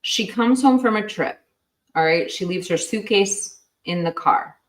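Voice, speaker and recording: A woman co-hosting a true crime livestream, talking in a chatty way, laughing often and saying "like" a lot. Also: mid-range voice. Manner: chatty, quick to laugh, lots of "like". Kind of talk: casual livestream chat. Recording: roomy sound from a distance.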